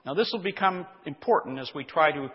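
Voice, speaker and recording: A man's voice: a little high, expressive. Man preaching in a reverberant hall. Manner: deliberate teaching, reading scripture aloud and explaining words. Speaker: pastor. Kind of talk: expository sermon. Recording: dull lo-fi sound with long hall reverb.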